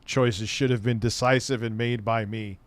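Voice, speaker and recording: A man's voice: mid-range voice, fairly even intonation, moderate pace, dry recording. A man hosting his own channel, telling a casual, profane, sardonic story about an old job. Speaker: streamer and channel host.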